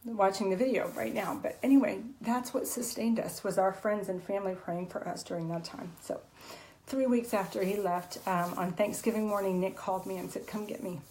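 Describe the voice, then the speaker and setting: A woman's voice: mid-range voice, steady tone, brisk, a little mellow, a little hiss or hum, low-quality recording. Woman, author guest, emotional personal testimony, tearful, earnest, video call. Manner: tearful, voice breaking at times; earnest, many fillers and restarts.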